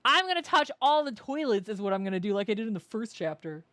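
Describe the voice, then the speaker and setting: A woman streaming a visual novel, joking crudely and reacting excitedly. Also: mid-range voice, quick pace, no echo. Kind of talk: live game commentary.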